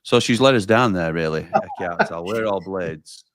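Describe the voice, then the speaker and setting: A man's voice: deep voice, normal speed, fairly bright tone, slight background noise. A man hosting a live football watchalong, chatting and reading out viewer comments. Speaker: watchalong host.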